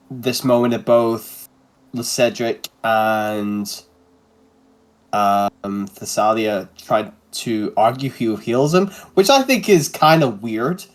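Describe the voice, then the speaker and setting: A man player in a tabletop game who speaks haltingly and sounds suspicious of others. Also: mid-range voice. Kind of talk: tabletop play.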